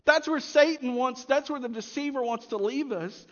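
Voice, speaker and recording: A man with a strikingly high voice delivers a sermon as a pastor. He preaches emphatically, swelling on key points and sinking to a quiet hush. The sound is dull, with a long reverb from a large church. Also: moderate pace.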